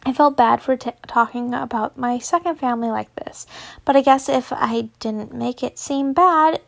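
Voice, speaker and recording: A woman's voice: sits high, moderate pace, creaky. Giggly young woman reading fan fiction. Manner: giggly, stumbling, swears in asides. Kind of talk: casual story reading with asides.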